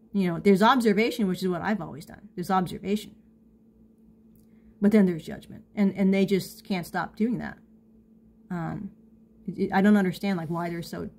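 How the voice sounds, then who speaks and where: A middle-aged woman in a casual confessional monologue, halting and full of restarts, candid and self-mocking with small laughs. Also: mid-range voice, gravelly. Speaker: vlogger.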